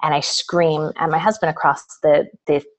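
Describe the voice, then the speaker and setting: A woman's voice: low-pitched, fairly even intonation, normal speed, low-quality recording. A middle-aged woman, an author guest in a live video interview, telling a personal story with lots of quoted dialogue.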